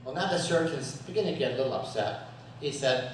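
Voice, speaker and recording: A man from the USA speaks as guest speaker at a Sunday service in a worship hall, telling humorous stories with jokes and frequent chuckles. His medium-pitched voice is quick with lively intonation. Recorded from far off in an echoey hall, with slight background noise.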